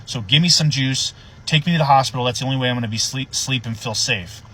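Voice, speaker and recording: A man's voice: medium pitch, fast, breathy edge. A man voicing a frantic, panicked old man who thinks he sees demons outside. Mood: resigned. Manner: shouting, panicked.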